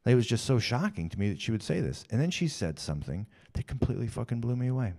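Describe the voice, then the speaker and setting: A man's voice: mid-range voice, big pitch swings, fast talker, mellow. A man in his thirties telling a personal story in a rambling, emotional way, often repeating himself.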